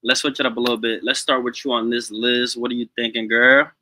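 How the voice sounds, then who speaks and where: Guy hosting a music review stream, bright voice, dry close sound, chill and chatty with the chat. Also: medium pitch, fairly quick, no room sound. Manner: relaxed, addresses chat directly. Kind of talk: casual livestream talk.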